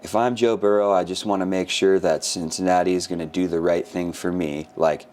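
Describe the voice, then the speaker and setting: Deep-voiced man telling animated sports stories. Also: brisk, a little hiss or hum. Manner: animated storyteller who acts out quotes. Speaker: podcast co-host. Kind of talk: casual sports podcast chat.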